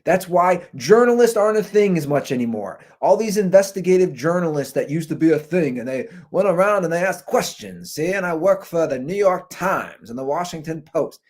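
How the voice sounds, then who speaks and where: High, lively-voiced man ranting. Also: normal speed, few pauses. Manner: animated, jokey, talks over clips. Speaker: podcast host. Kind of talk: ranting commentary on viral videos. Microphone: computer's built-in mic.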